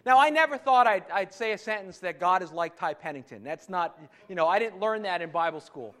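A man's voice: high-pitched, lively intonation, fairly quick, pushed and bright. A man preaching a sermon in a conversational way, stumbling and restarting often, building to emphatic points. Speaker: pastor.

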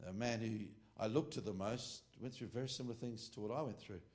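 A man's voice: fairly low pitch, brisk, a little mellow. A middle-aged Australian man preaching an informal sermon to a ministry class, rambling, joking and correcting himself as he goes. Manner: rambling and joking, with frequent asides and self-corrections.

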